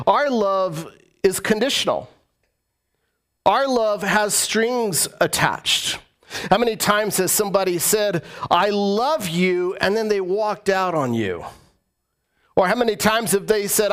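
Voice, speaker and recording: A man's voice: high voice, fairly bright tone. A man preaching a sermon as pastor, earnest and emphatic, repeating phrases for stress.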